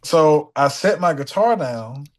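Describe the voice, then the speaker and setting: Young male guest musician, animated storyteller, voice sits a bit high, acts out the other people as he goes. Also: slow pace, a crowd in the background. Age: young adult. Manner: animated, slips into voices of the people in his stories. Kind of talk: casual storytelling in a sit-down conversation.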